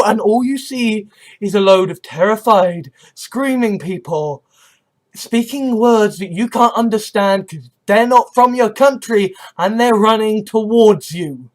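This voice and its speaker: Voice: medium pitch, unhurried. English speaker on a heated, profane rant. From England. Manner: heated and profane, often asks "right?" or "you know?". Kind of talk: impassioned spoken rant.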